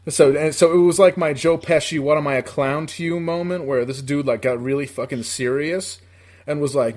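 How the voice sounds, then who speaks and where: A man's voice: on the high side, moderate pace, darkish tone. Profane rambling male storyteller. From upstate New York. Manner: profane, rambling, laughs while telling. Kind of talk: casual storytelling.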